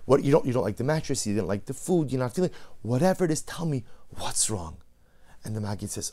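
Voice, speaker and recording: Animated man giving a Torah sermon. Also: medium pitch, fast talker. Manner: animated, rising to emphatic peaks, acting out quoted voices. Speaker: rabbi giving a Torah lecture. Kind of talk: sermon with storytelling.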